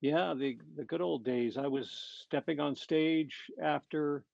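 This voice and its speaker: Gravelly Canadian man, halting chat. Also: fairly high pitch, a little mellow, dry recording. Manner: halting, with many fillers and restarts. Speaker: comedian guest. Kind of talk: casual interview chat. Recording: dull lo-fi dry sound.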